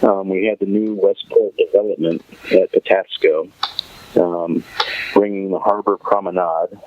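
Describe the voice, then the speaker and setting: A man's voice: sits low, steady tone, a little slow, phone-quality sound, slight background noise. A man hosting a podcast, casually recapping a TV episode, rambling and thinking aloud with many fillers. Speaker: podcast host.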